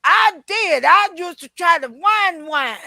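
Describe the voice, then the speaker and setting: Bright-voiced woman preacher hosting chat. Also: extremely high pitch, slow, gravelly, no echo. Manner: animated, teasing, addresses viewers as y'all and honey. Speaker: preacher and show host. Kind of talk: casual interview chat.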